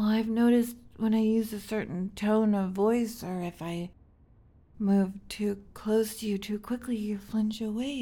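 A young woman voicing a curious, gentle alien in a borrowed human body, in a whispered role-play. She talks softly and haltingly and often repeats words. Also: medium pitch, natural voice. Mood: tender. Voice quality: breathy, soft.

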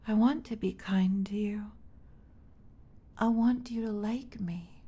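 A young woman voicing a curious, gentle alien in a borrowed human body, in a whispered role-play. She talks softly and haltingly and often repeats words. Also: mid-range voice, close to an everyday voice. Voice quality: breathy, soft.

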